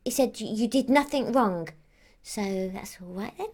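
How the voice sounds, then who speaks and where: A woman's voice: fairly high pitch, animated, normal speed, a little mellow. A woman playing a childlike female Christmas elf who rambles on with lots of "like" and "um". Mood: rambling. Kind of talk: character monologue to camera.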